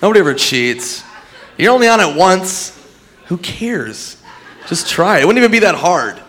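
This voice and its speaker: A man doing a stand-up set, animated and given to shouting. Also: sits high, moderate pace. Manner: animated, yelling impressions. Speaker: stand-up comedian.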